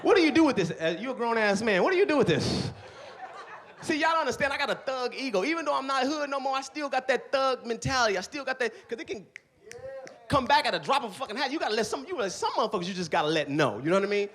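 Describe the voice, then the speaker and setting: A middle-aged man doing a stand-up comedy set on a club stage, with loud, animated storytelling and constant swearing. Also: very high-pitched, fast.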